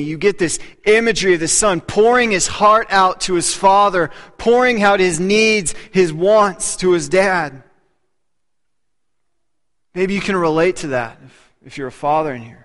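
A man in his thirties preaching a sermon, earnest, often dropping to a hushed voice to press a point. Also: fairly high pitch, unhurried. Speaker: pastor. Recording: long hall reverb.

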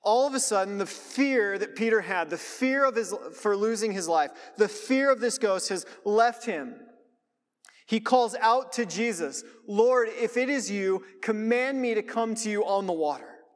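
High-voiced male preacher in a reverberant hall. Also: expressive, unhurried. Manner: reads scripture aloud, then explains it conversationally. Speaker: pastor. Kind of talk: sermon. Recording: long reverb of a large hall.

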